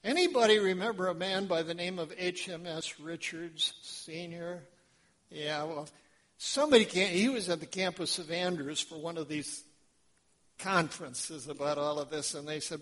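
A male pastor preaching a sermon, telling a story in an animated way, acting out voices and quizzing the congregation. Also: on the high side, moderate pace.

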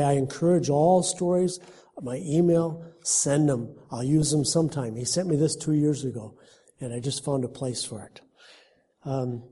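A man's voice: mid-range voice, warm tone, husky. A man preaching a sermon in an earnest, conversational way, then reading a story aloud and lightly voicing its characters.

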